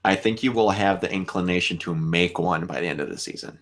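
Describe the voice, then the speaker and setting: A young man hosting a casual fan chat, animated and laughing often, acting out lines as he talks. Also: deep voice, fairly quick. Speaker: show host.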